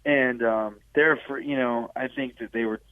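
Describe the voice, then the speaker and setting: Man, casual chat, reflective, laid-back, mid pitch, tinny phone-like sound. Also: moderate pace, no room sound. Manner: relaxed, reflective, says dude often.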